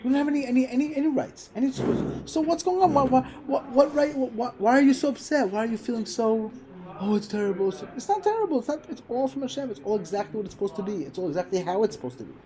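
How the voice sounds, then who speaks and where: A man's voice: extremely high pitch, fast, few pauses, crowd noise. A man giving an informal Torah class, telling stories and repeating phrases for emphasis. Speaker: Torah teacher.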